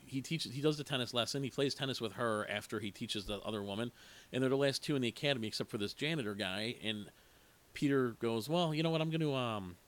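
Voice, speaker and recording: A man casually retelling the plot of an eighties horror movie, rambling with asides and acting out the characters' lines. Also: mid-range voice. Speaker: movie reviewer.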